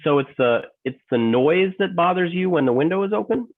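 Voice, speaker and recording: A man's voice: a little high, lively intonation, a little fast, voice pushed up. A man playing an emotional office worker in a training role-play, stammering, repeating himself and apologizing over and over. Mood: hopeful. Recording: tinny phone-like line.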